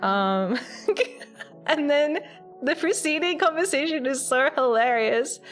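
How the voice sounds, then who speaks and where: Chatty higher-voiced woman streamer. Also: animated, takes it slowly. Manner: chatty, giggly storytelling. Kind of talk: casual game recap. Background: faint background music.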